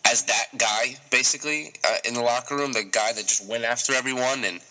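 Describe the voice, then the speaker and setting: A young man co-hosting a casual sports talk show, animated and repeating words when he gets worked up. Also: medium pitch, brisk, rough recording. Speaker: co-host.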